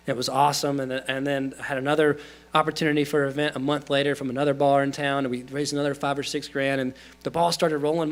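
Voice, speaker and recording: A man, giving a guest talk in a lecture hall, earnest and conversational with fillers and restarts. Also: medium pitch. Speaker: guest speaker. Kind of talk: storytelling talk.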